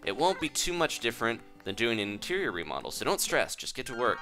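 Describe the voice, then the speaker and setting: A man's voice: medium pitch, big pitch swings, quick pace, over music, lightly acted. A man voicing a cheerful, encouraging young female shop assistant in a game. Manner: upbeat, encouraging.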